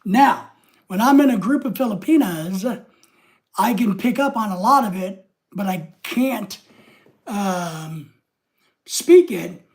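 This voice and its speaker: A man's voice: high-pitched, animated, takes it slowly, long pauses. An older man hosting a casual livestream, rambling as he reads viewers' comments aloud and greets them by name. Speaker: livestream host.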